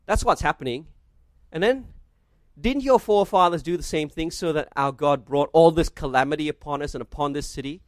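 A man's voice: on the high side, brisk, dry recording. A man preaching a sermon, reading scripture aloud and asking his listeners rhetorical questions. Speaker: pastor.

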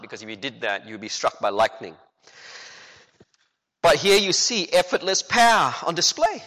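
A man preaching a sermon as a pastor, animated and full of rhetorical questions, acting out the quotes he tells. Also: on the high side. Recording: long hall reverb.

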